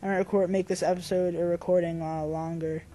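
A man's voice: sits high, little pitch movement, a little fast, mellow, slight background noise. A young man giving goofy, rambling let's-play commentary into a desk microphone at home. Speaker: gamer host.

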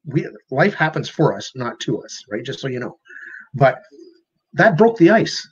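A man's voice: medium pitch, very animated, moderate pace, breathy edge, highs cut off. A man working as a life coach, giving an earnest motivational talk and often repeating and restarting his words.

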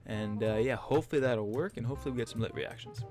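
A young man hosting a gaming vlog, chatting quickly and cheerfully to his viewers. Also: medium pitch, music in the background. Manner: upbeat, chatty, quick direct address to viewers. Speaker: gaming YouTuber host. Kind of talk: casual gaming vlog commentary.

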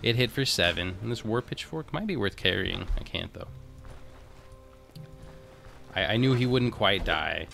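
A man's voice: fairly low pitch, animated, a little slow, vocal fry, long pauses, sharp tone, soft background music. A man giving casual, chatty commentary over his own gameplay, talking to himself and the game as he plays. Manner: chatty, talks to himself and the game, frequent restarts. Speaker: let's play host.

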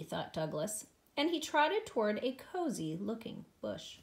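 A woman, a preschool teacher, reading a picture book aloud to young children in an expressive, sing-song way. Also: a little high, a little slow, hardly any pauses.

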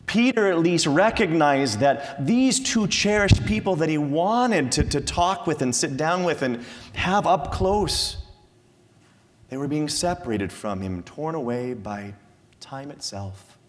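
Animated preacher man in reverberant church. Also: on the high side, a little slow. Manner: animated, with frequent repeated words and fillers. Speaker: pastor. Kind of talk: sermon. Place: church sanctuary.

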